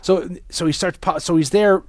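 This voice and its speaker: A man's voice: high-pitched, moderate pace, darkish tone, dry recording. A young man hosting a podcast, chatting casually and telling a rambling story with many restarts. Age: young adult. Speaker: podcast host. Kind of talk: casual chat.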